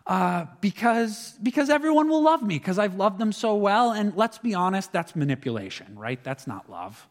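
A man's voice: sits high, very animated, moderate pace, hardly any pauses. A young man, a student, giving an earnest, reflective personal testimony and often stumbling over his words. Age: young adult. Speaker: student speaker sharing faith. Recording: long reverb of a hall.

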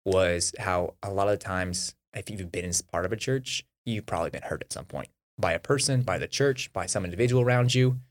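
A young man co-hosting a faith podcast, recapping the last episode in a quick, upbeat, conversational way. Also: deep voice. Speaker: podcast co-host. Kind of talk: casual faith discussion.

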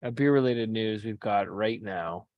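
A man's voice: on the low side, a little slow, dry recording, highs cut off. A Canadian man co-hosting a podcast, chatting casually with a joking, profane, self-deprecating manner. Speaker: podcast co-host. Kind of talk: casual chat.

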